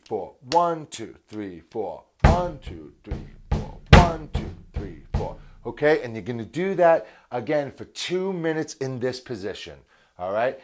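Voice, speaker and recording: A man giving a drum lesson on video, stressing his points by repeating words and counting beats aloud. His voice sits at a middle pitch for a man. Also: darkish tone. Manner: emphatic, repeats key words. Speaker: drum teacher.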